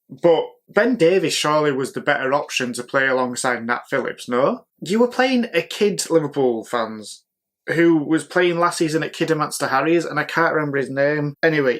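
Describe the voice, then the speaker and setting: A man's voice: fairly high pitch, fairly bright tone. Opinionated man talking football. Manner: opinionated, full of rhetorical questions. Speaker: football podcast host. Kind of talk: casual solo football talk.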